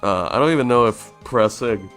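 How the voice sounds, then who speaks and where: A man's voice: mid-range voice, moderate pace, fairly bright tone. A young male streamer chatting over his game, sleepy and yawning, his voice sitting in an ordinary middle register. Faint music plays under his casual remarks. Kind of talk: casual gaming stream commentary.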